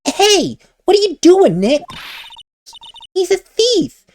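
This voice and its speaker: A man's voice: very high-pitched, sing-song, slow pace, a little hiss or hum, voice pushed up, exaggerated voice. A man voicing a spirited, loyal young woman spirit medium from a courtroom video game, reading her lines aloud. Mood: indignant.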